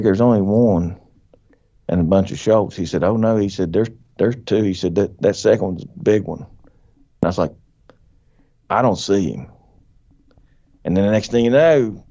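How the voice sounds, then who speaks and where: Folksy storytelling man, dull lo-fi sound. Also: on the low side. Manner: animated, folksy, laughs often, quotes himself and others. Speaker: podcast guest. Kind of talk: casual storytelling.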